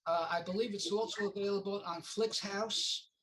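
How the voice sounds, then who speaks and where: High-voiced man, halting with fillers. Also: steady tone, fairly bright tone, a little hiss or hum, rough recording. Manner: halting, many fillers, acts out quotes. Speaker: film producer. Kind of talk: interview guest, casual storytelling.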